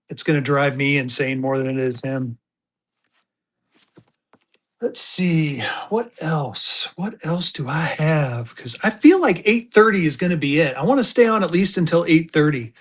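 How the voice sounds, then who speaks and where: A man's voice: on the high side, a bit bright. A man hosting a casual live-stream auction from a room at home, rambling and joking as he sells and repeats himself.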